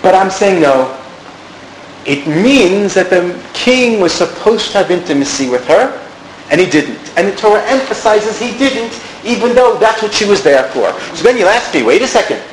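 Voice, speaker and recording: A man's voice: high voice, expressive, normal speed. Man teaching a class in an echoey room. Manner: explanatory, asks the class questions. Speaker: Bible teacher. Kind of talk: classroom Bible lesson. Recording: echoey room, some background noise.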